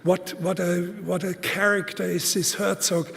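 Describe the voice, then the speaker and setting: Man giving a conference talk, slow and emphatic, lots of pauses, long hall echo. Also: sits high, level tone, gravelly, a bit bright. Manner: deliberate and emphatic, many halting pauses. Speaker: conference speaker. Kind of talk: public lecture. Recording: reverberant hall.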